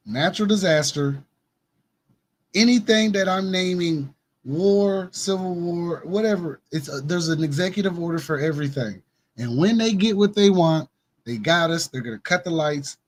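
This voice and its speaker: Insistent, higher-pitched man hosting news commentary. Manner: emphatic, insistent, repeats his points. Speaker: host of a news commentary show. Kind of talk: casual conspiracy news commentary.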